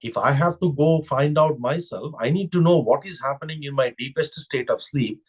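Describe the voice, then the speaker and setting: A man's voice: a little high, normal speed. A man giving a spiritual discourse as a teacher, reflective and full of rhetorical questions.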